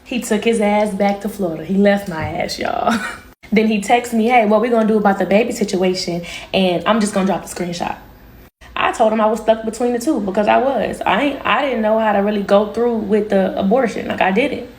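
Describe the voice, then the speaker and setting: A woman telling her viewers a personal story in a candid, slangy, animated way. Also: medium pitch, normal speed, roomy sound. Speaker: storytime vlogger. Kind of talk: casual storytime monologue.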